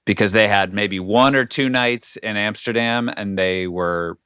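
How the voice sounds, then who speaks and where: A man's voice: lowish voice, measured pace, sharp tone, clean tone, dry recording, studio quality. A man co-hosting a podcast, telling stories and asking questions in an easygoing way. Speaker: podcast co-host. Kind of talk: casual podcast chat.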